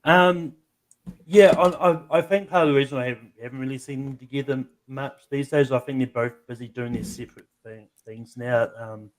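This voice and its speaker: A man's voice: medium pitch, normal speed. A man on a casual panel chat, answering hesitantly with many ums. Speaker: panel guest.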